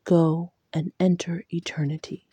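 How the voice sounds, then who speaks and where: A woman reading the part of a weary, grieving male fae lord in a low, soft, drained voice. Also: level tone, measured pace, husky, no echo. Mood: weary grave.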